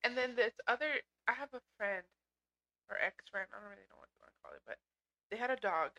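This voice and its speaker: A young woman with a bright, lively voice, chatting casually on a podcast. She talks in loose, slangy run-on sentences, swears freely and calls her friend "dude.". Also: fairly high pitch, quick pace, rough recording. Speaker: podcast co-host. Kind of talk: casual chat.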